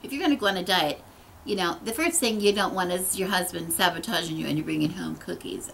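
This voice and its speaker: A woman's voice: fairly low pitch, fast, gravelly, fairly bright tone, a little hiss or hum, rough recording. A middle-aged woman giving a casual, earnest spiritual talk, rambling with many restarts. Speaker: host.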